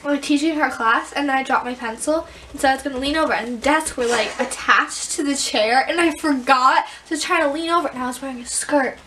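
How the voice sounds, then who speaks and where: A young woman vlogging, telling embarrassing stories in a giggly, animated way and acting out the scenes. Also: high voice, a little fast, few pauses, a little hiss or hum. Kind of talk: casual storytelling vlog.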